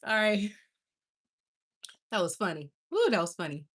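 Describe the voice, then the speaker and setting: A woman's voice: mid-range voice, very animated, unhurried, fairly bright tone. A woman hosting a casual livestream, chatty and affectionate, laughing often. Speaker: livestream host.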